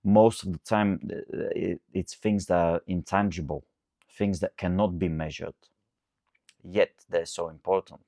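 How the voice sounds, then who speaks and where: A man who is a coach hosting his own solo podcast, talking casually and venting with animated asides and self-corrections. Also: low-pitched, unhurried, dry recording, studio quality.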